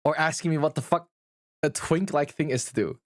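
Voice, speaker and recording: A man's voice: on the high side, fairly quick, no echo, clean studio sound. Blunt, profane male streamer. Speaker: livestreamer. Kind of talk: casual livestream chat.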